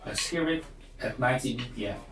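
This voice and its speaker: A man's voice: mid-range voice, fast talker, very noisy. A man teaching a drum lesson, counting beats aloud and explaining in plain words. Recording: echoey room, far from mic, loud drumming. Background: drum pad and metronome clicks.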